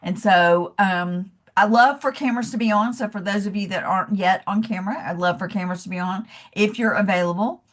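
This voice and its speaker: A woman's voice: medium pitch, fairly quick, hardly any pauses. Southern lady running a webinar on a video call, friendly chatty coach, calls folks love. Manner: chatty and encouraging, says y'all and calls listeners love. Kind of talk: casual online presentation.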